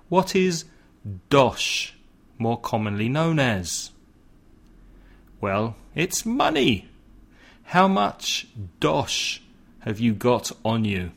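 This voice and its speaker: A middle-aged man hosting a lesson podcast. He talks slowly and clearly, spelling words out one letter at a time. His voice stays in a middle pitch and moves up and down a lot as he acts out everyday phrases. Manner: slow, deliberate, spells words out, animated example lines. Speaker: English teacher, podcast host. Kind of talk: scripted language lesson.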